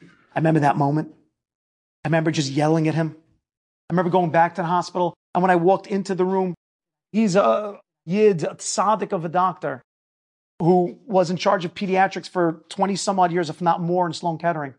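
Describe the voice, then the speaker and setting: A man giving a lecture, telling a personal story in an emphatic way that builds to near shouting. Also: high-pitched, fairly even intonation, a little fast. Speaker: speaker telling his story.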